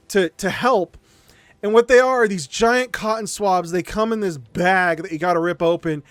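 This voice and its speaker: A man streaming live, telling a story in an animated way, swearing often and laughing between lines. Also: high-pitched, dry recording.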